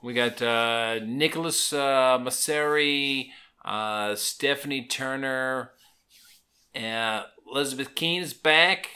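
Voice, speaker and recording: A man's voice: medium pitch, bright, forceful tone. A man co-hosting a casual sports podcast, teasing and swearing freely. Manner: swears a lot, teasing, drawn-out delivery. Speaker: podcast co-host. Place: small room.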